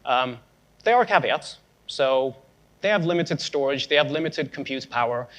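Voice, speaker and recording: A man's voice: mid-range voice, lively intonation, moderate pace, fairly bright tone. A young man giving a conference tech talk, casual and sarcastic with joking asides. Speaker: conference speaker.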